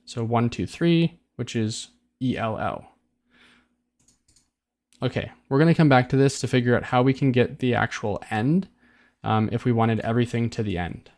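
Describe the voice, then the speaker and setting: A man at a medium pitch gives a casual coding tutorial. He talks it through as he goes, loose and chatty, often doubling back on a phrase or pausing on an "uh" while he works out the next step. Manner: relaxed and chatty, restarts phrases, thinks aloud with ums.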